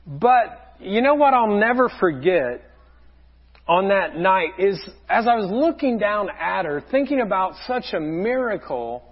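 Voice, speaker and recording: A man preaching a sermon as a pastor, earnest, often dropping to a soft low voice. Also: husky, highs cut off.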